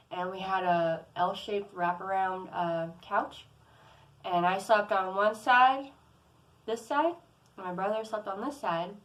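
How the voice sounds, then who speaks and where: A young adult woman vlogs a personal story in a casual, rambling way, full of "like" and "um" and frequent restarts. Her voice is lowish and the recording is rough.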